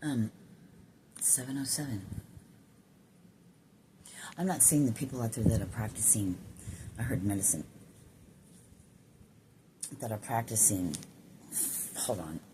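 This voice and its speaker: A woman's voice: extremely low pitch, noisy background. A woman talking on her own in a casual spiritual vlog, rambling and swearing with many restarts, recorded on a phone. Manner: rambling, swears, laughs to herself, halting restarts. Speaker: spiritual vlogger. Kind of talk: casual spiritual monologue to camera.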